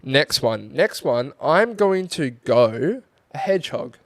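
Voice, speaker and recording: A man's voice: mid-range voice, very animated, takes it slowly, no echo. Easygoing young man, dry sound. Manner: easygoing, joking, swears casually. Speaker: podcast co-host. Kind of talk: casual chat.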